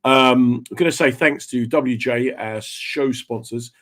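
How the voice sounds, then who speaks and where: A man's voice: mid-range voice, fairly even intonation, unhurried, fairly bright tone. A man hosting a radio chat show, talking casually and joking with his guest. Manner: jokey, slips into mock voices.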